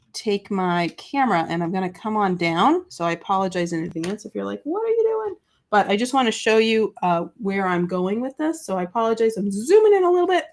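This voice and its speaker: A woman hosting a live crafting tutorial, chatty and gushing, talking to her chat between coughs from a summer cold. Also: medium pitch. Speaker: host of a live papercraft show.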